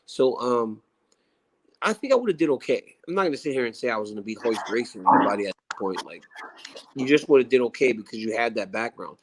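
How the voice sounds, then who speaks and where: A man in his forties, a former fighter, talking as a guest in a casual interview in a relaxed, reflective way, often restarting his sentences. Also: mid-range voice, fast talker, noisy background.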